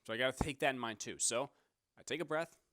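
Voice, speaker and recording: A man's voice: medium pitch, fast talker, a bit bright, no room sound, clean studio sound. Rambling young man telling a story. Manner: rambling, self-correcting. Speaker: podcast host. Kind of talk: casual storytelling.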